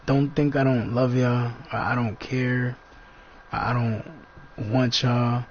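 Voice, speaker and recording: A man's voice: medium pitch, level tone, slow. Laid-back slangy man, lo-fi recording. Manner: laid-back, slangy, talks in loose fragments. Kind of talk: casual rambling monologue. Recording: dull lo-fi sound with faint background noise.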